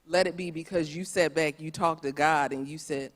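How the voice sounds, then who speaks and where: A woman speaking on a church conference panel, animated and emphatic, repeating phrases for stress. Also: sits low, a little fast. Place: church auditorium.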